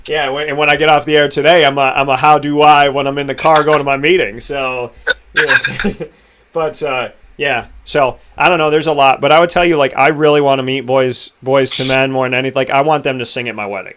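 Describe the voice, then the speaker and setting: A young man hosting a casual interview, telling stories in an animated, emotional way. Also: medium pitch, a little fast, slight background noise. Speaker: podcast host.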